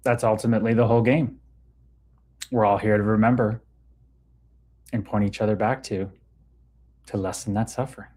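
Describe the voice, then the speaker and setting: A man's voice: on the low side, steady tone, moderate pace, long pauses, a little mellow. A man hosting a livestream in a casual, laid-back way, talking about spirituality and greeting viewers by name as he reads their comments. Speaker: livestream host.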